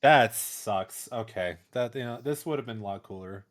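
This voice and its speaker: A man's voice: medium pitch, moderate pace, crowd noise. A man playing a character in a tabletop game, laid-back and joking about a bad roll. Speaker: player. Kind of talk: casual tabletop play.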